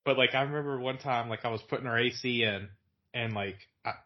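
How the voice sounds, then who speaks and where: A man's voice: medium pitch, fairly quick, dull audio, noisy background. A young man from Virginia, a podcast guest, telling stories in a rambling way with lots of filler words. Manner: rambling, many "like" fillers, laughs through stories. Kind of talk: casual storytelling chat.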